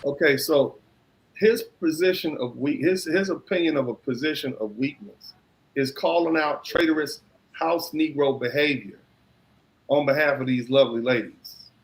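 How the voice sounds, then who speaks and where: Combative man with a slightly high voice. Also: moderate pace, low-quality recording. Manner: combative, repeats himself while building a point. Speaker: commentator in a played clip. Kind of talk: argumentative commentary.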